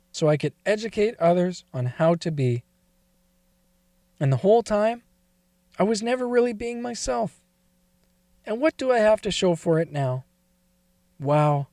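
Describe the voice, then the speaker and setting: High pitched guy narrating a personal story, shaky confessional tone, dry close mic. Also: darkish tone, no room sound. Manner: confessional, wavering emotional delivery. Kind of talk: first-person dramatic story reading.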